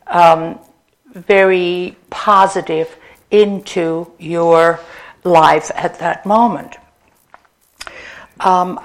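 Slow, gentle woman giving an inspirational talk. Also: fairly low pitch. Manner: gentle, unhurried, conversational with fillers. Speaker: spiritual speaker.

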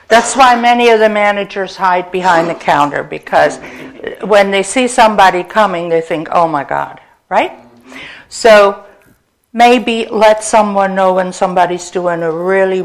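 A woman giving a gentle, conversational inspirational talk to a congregation. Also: mid-range voice. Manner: gentle, unhurried, conversational with fillers. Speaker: spiritual speaker.

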